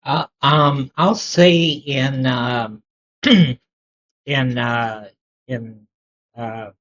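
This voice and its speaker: A man's voice: medium pitch, fairly even intonation, extremely slow, long pauses, fairly bright tone. A man playing a tabletop game, speaking hesitantly with many fillers. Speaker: player. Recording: dull lo-fi recording.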